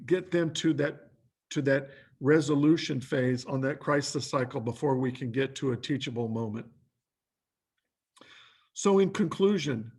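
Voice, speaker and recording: A man giving a training lecture who talks in lists of short questions and acts out quoted lines. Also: a little high.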